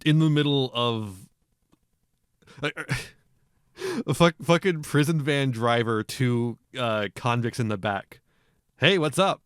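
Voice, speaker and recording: A man in casual podcast chat about old monster movies, animated and quick to laugh, with a lot of swearing. His voice sits at an ordinary middle pitch. The recording is dry and close, with no room sound. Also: clean tone, no echo. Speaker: podcast co-host. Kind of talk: casual comedic film discussion.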